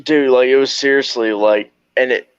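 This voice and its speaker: A veteran spins a war story with loose, animated energy, laughing and swearing as he goes. His voice sits at an ordinary middle pitch. The recording is dull and lo-fi, dry with no room sound. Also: normal speed, smooth, dry recording. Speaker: podcast guest, army veteran. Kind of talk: casual storytelling.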